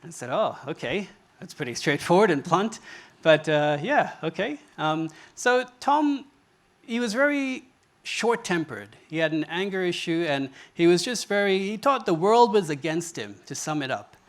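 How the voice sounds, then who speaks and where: A man's voice: high voice, big pitch swings, moderate pace. A man giving a stage talk, telling a story with quoted dialogue in an earnest way. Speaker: speaker. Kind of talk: public talk. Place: stage before an audience.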